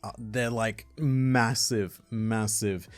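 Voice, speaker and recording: An Australian man in his twenties, co-hosting a relaxed podcast chat with a lowish voice. He talks in an animated way and breaks into laughter often, and his pitch jumps up whenever he gets excited. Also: takes it slowly, no room sound, faint music behind. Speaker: podcast co-host. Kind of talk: casual chat.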